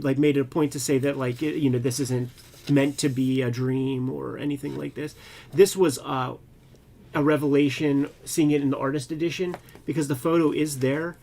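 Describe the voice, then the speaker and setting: A man co-hosting a casual comics chat as a working cartoonist, talking in an animated, loose way with profane, slangy asides. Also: mid-range voice. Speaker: co-host, cartoonist.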